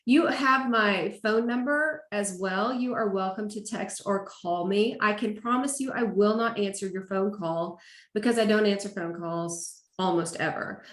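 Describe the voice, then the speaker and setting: A woman college instructor walking students through her course in a relaxed, chatty way, with fillers. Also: medium pitch, roomy sound. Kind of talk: casual course walkthrough.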